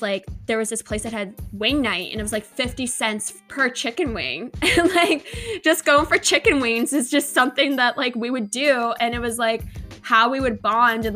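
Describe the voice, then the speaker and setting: A woman's voice: mid-range voice, sharp tone. A young woman in casual chat with a longtime friend, speaking sincerely and reflectively, filling her talk with "like" and swearing now and then.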